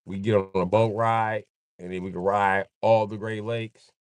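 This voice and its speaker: A man's voice: on the low side, steady tone, normal speed, clear, resonant tone, no room sound. A man rambling casually and joking on a livestream, swearing freely and laughing often.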